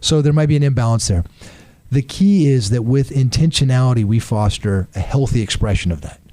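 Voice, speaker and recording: A man's voice: mid-range voice, fairly quick, dark tone, no echo. A man, a marriage and family therapist, giving earnest, pragmatic relationship advice in conversation. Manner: earnest, pragmatic, uses acted-out examples. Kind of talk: conversational advice on a radio talk show.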